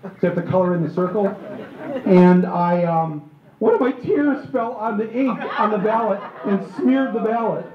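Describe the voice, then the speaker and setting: A man's voice: sits high, moderate pace, a crowd in the background. A middle-aged man from Michigan giving a comic political talk to a live audience, joking and acting out little voices and asides. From Michigan, USA. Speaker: speaker at a book tour event. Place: auditorium with an audience. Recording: echoey hall, slightly dull live recording.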